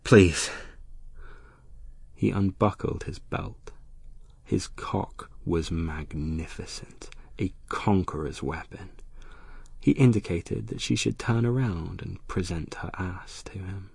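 A man narrating an erotic audiobook in a slow, hushed, lingering delivery. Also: low-pitched, gravelly, breathy edge, dry recording.

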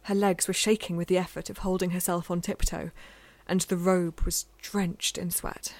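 A woman reading a novel aloud in a measured, intimate way, sometimes dropping to a near-whisper. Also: lowish voice, flat delivery, darkish tone, no echo. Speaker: audiobook narrator. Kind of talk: scripted fiction narration.

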